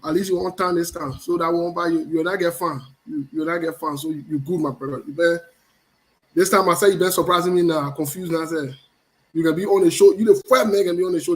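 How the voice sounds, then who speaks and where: High-voiced playful man hosting. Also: fairly even intonation, fast, rough recording. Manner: playful, teasing, repeats phrases. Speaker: show host. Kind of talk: casual live-stream chat greeting viewers.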